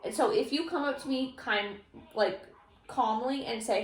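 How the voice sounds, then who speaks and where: Woman, vlogger, casual story reading, animated, fairly high voice, roomy echo. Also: moderate pace. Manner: animated, laughs often. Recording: echoey room.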